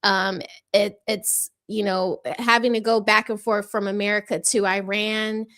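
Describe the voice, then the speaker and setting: A woman's voice: mid-range voice, flat delivery, unhurried, fairly bright tone. A woman hosting a casual political commentary show, chatty and rambling as she reads news articles aloud and talks to her viewers.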